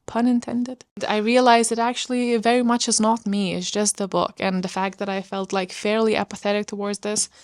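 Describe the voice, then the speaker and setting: A woman's voice: mid-range voice, little pitch movement, moderate pace, hardly any pauses, dry recording, studio quality. A woman vlogger talking casually about books, chatty and rambling with lots of fillers. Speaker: book vlogger. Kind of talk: casual chat.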